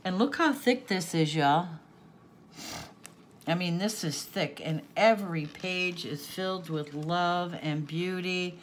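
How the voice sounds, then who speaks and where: A woman's voice: on the low side, slow pace, slight background noise. An older woman hosting a craft channel, gushing and tearful as she opens a gift, gasping and laughing often. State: tearful, sniffling. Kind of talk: casual unboxing chat.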